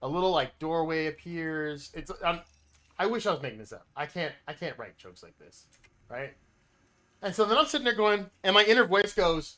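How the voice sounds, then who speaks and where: Bright-voiced rambling male streamer. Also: a little high, lively intonation, normal speed. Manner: rambling, self-interrupting, swears casually. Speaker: livestreaming gamer. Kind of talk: casual storytelling while gaming.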